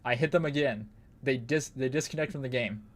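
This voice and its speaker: A man's voice: mid-range voice, fairly quick. A young man streaming a game, chatting casually while he plays, rambling and swearing freely. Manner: rambling, profane, laughs often. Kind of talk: casual gaming commentary.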